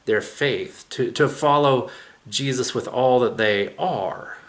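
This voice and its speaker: A man's voice: medium pitch, slow pace. A man preaching a sermon, retelling a scripture story in a casual, conversational way with everyday asides. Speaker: pastor.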